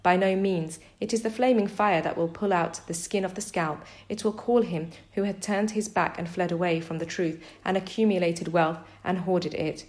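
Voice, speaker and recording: A woman reading a scripture translation aloud in a measured, steady recitation. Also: fairly low pitch, echoey room. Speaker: scripture reader.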